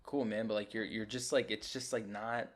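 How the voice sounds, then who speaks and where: A man co-hosting a podcast in casual chat, animated and mocking, swearing often. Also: on the low side, moderate pace. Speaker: podcast co-host.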